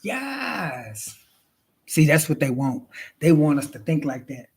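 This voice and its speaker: A woman's voice: deep voice, fairly even intonation, normal speed, darkish tone, slightly rough. A woman hosting a casual, comic livestream, sassy and drawling, who keeps calling her listeners honey. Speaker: livestream host. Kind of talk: casual comedic livestream chat.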